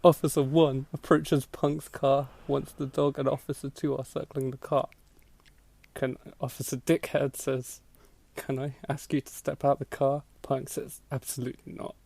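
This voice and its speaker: A man hosting a podcast gives a comedic dramatic reading of an old blog post, laughing through the mockery and performing the voices. He speaks at medium pitch and moderate pace with little pitch movement, creaky and a little mellow, recorded dry.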